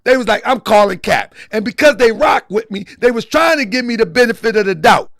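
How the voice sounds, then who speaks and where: A man's voice: very high-pitched, lively intonation, fast, a bit bright, dry recording, clean studio sound. A man hosting a live stream in a casual, repetitive style, talking straight to his chat. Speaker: live-stream show host.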